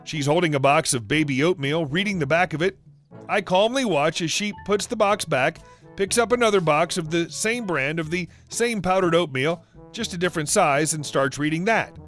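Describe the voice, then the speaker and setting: A man reading stories aloud in a brisk storytelling manner. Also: a little high, a bit bright. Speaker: story narrator. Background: faint music.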